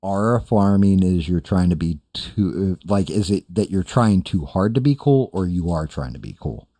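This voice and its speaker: Low, dark-voiced older man ranting casually. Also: expressive, moderate pace, dry recording. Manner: profane, rambling, self-deprecating. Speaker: streamer host. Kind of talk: casual chat reading live chat.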